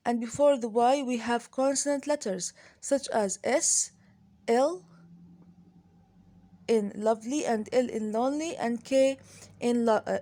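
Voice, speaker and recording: A woman with an Arabic accent walks through an English grammar lesson, her voice mellow and a little high. She speaks slowly and carefully, often pausing on fillers and restarting her sentences, and she slips into Arabic to explain the rules. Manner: slow, deliberate, hesitant with many fillers and restarts. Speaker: English teacher.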